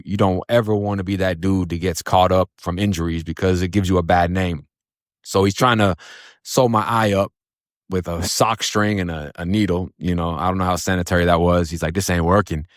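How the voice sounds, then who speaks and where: Low-voiced blunt, profane male storyteller. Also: steady tone, normal speed, dry recording, clean studio sound. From Florida. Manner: blunt and profane, with many fillers. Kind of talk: casual spoken storytelling.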